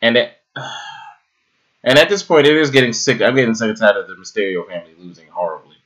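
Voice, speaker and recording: A man co-hosting a casual podcast chat, animated and swearing, breaking into loud laughs. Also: medium pitch, quick pace, muffled recording. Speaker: podcast co-host.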